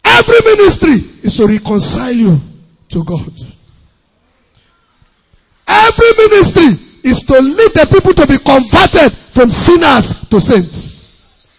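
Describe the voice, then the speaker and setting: High-pitched pastor preaching in a hall. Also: male voice, big pitch swings, measured pace, long pauses. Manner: emphatic preaching with repetition and sudden shouts. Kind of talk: sermon. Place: church hall. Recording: long hall reverb.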